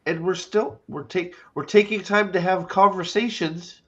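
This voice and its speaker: A man's voice: high voice, normal speed, slightly rough, lo-fi sound. A man co-hosting a casual podcast chat, ranting and swearing with lots of restarts. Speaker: podcast co-host.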